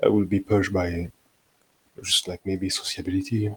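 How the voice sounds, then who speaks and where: A French man with a very deep, heavily husky voice chats in English with a thick French accent. He speaks haltingly and searches for words, and his grammar often slips. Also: flat delivery, low-quality recording. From France. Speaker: podcast guest. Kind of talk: casual chat.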